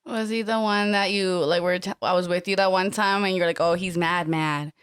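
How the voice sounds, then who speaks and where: A woman's voice: on the low side, steady tone, normal speed, smooth. A young woman co-hosting a podcast, bluntly teasing and swearing freely in casual chat. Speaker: podcast co-host.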